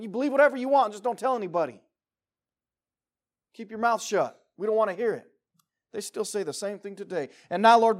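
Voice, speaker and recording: High-voiced preacher man, rising and falling. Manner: preaching with big swings between loud emphasis and quiet intensity, rhetorical questions. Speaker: pastor. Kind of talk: sermon. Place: church meeting room.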